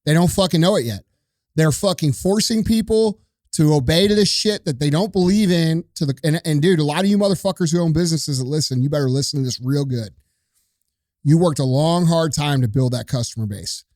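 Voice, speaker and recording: A man's voice: fairly high pitch, fairly quick, dry recording. Guy going off at the audience, swearing, dry close sound. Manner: forceful, profane, lecturing. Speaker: podcast host. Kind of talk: opinionated rant.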